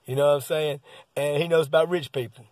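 Rambling man, slightly high voice. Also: steady tone, quick pace, darkish tone, no echo. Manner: rambling, profane, keeps saying "man". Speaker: father telling a story. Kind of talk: casual storytelling vlog.

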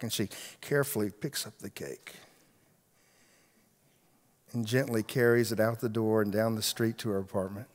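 A man's voice: fairly low pitch, fairly even intonation, moderate pace, long pauses. A man, a pastor, telling a story in a sermon, acting out the voices of the people in it, with frequent restarts. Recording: long reverb of a large hall.

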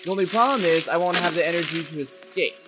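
Excitable man narrating his gameplay. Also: on the high side, fast, noisy background. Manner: excitable, muttering to himself, counting taps. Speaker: gameplay commentator. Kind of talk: let's play commentary.

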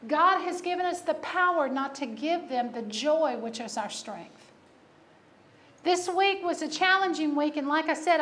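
High-voiced woman pastor preaching. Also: a bit bright, a little hiss or hum. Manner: storytelling, laughing at herself, emphatic repetition. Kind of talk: sermon.

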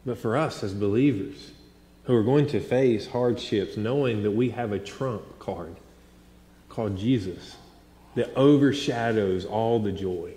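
A man in his thirties preaching a sermon, telling stories with animated swings between loud and hushed delivery. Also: lowish voice. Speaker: pastor. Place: large church sanctuary. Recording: echoey hall with long reverb.

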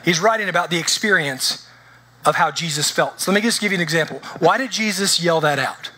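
A man's voice: fairly high pitch, fairly quick, bright, forceful tone, husky. A man preaching a conversational sermon in church, often checking in with his congregation. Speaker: pastor.

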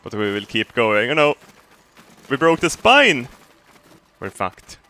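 A man talks through his gameplay in an excitable, giggly way, swearing freely. His voice is bright and edgy, sits a little high and swings wildly in pitch. He speaks slowly, drawing out his words. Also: a little hiss or hum. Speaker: gamer. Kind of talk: gameplay commentary.

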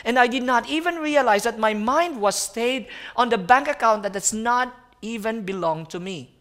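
A young man, preaching as a guest speaker and telling a personal story in an animated way, often calling his listeners friends. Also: very high voice, moderate pace. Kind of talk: sermon storytelling.

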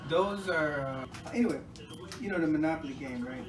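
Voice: medium pitch, a little fast, background noise. A friend listening in and chiming in with blunt, laid-back remarks. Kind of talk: casual chat. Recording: roomy, distant mic, music behind.

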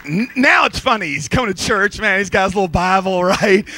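A male pastor preaching an energetic, joking sermon at a church service. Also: high-pitched, brisk, slight background noise.

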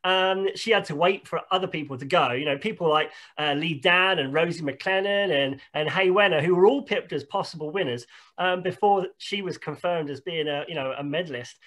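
A man's voice: fairly high pitch, normal speed, a bit bright. A man hosting a video call interview, encouraging his guest, with frequent restarts. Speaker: interview host.

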